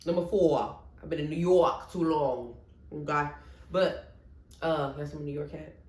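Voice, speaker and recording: A woman vlogger ranking her favorite movies in casual chat, expressive, with playful asides. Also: low-pitched, a little slow. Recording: echoey room.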